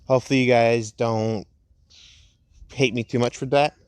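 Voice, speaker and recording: A young man at home casually narrating a fan story, rambling and laid-back, slowing down for the dramatic parts. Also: mid-range voice, fairly even intonation, a little mellow, clean tone, dry recording.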